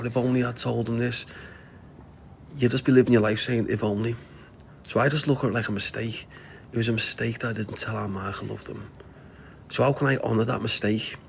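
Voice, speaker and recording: Middle-aged Scouse man, livestream host, gravelly and mid-pitched, blunt and preachy, faint hiss behind. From Liverpool, England. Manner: blunt, sweary, preachy life advice. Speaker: live stream host answering viewer comments. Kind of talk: casual livestream talk.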